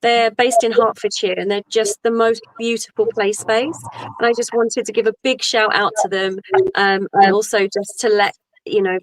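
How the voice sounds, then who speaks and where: A woman's voice: medium pitch, no room sound, low-quality recording. Bubbly, chatty woman guest. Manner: bubbly, chatty, laughs easily. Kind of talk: casual interview chat.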